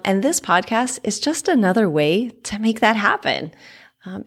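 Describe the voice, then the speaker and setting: A woman's voice: fairly low pitch, creaky. A woman fitness trainer hosting her own podcast, telling her story candidly and chattily, laughing often with frequent ums.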